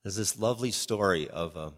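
Older male speaker, very deep voice, laughing storyteller, long hall reverb. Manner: laughing, unhurried storyteller, shifting pace. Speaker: speaker on change and spirituality. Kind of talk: storytelling talk to an audience.

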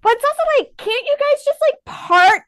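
A woman's voice: extremely high pitch, expressive, normal speed, fairly bright tone, no echo. A woman guesting on a comedy podcast, chatting casually, riffing along and laughing often. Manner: laughs often, agrees and riffs.

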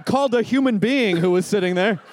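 A man's voice: sits high, brisk, darkish tone. A man hosting a podcast live on stage, chatting with a guest. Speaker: podcast host. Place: live stage before an audience.

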